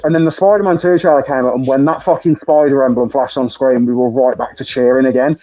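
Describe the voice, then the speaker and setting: A British man hosting a podcast, chatting excitably with lots of laughter and swearing. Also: medium pitch, fast talker, hardly any pauses, faint music behind, low-quality recording. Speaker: podcast host. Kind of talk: casual chat.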